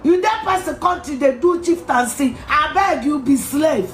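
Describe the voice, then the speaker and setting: A Ghanaian woman in a heated, insulting rant, repeating herself and shouting at times. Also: high voice, expressive, moderate pace, slight background noise. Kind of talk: angry rant to camera. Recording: echoey room with faint music.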